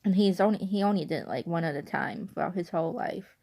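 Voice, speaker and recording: A woman's voice: on the low side, fast, darkish tone. A young woman telling a rambling story casually at home in her bedroom at night, full of "like" and asides. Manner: rambling, chatty, lots of "like". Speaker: vlogger.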